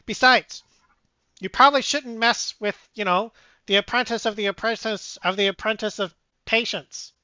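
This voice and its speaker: A game master voicing a nervous, eager-to-please talking mouse who babbles quickly. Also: medium pitch, pushed and bright, no echo, muffled recording, pitched above the performer's own voice, lightly acted. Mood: flustered. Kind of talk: tabletop game voice acting.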